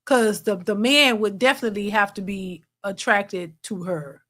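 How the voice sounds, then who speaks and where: A woman's voice: medium pitch, moderate pace, fairly bright tone. A woman hosting a live reaction stream, laughing often and reading viewer super chats aloud. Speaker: reaction channel host.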